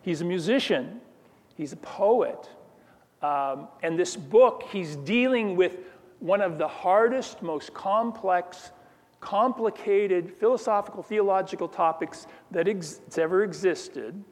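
A man's voice: high-pitched, unhurried, a little mellow. Man preaching a sermon in a reverberant hall. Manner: conversational, restarts phrases, asks the room questions. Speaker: pastor.

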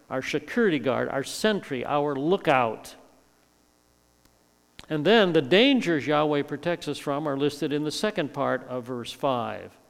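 A man's voice: on the high side, vocal fry. Older man preaching in a reverberant hall. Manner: emphatic, repeats words for stress. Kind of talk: verse-by-verse sermon.

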